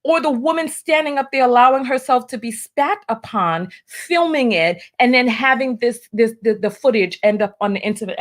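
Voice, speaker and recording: High-voiced woman delivering preachy commentary. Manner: emphatic, preachy, repeats rhetorical questions. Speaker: show host. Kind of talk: opinion commentary monologue.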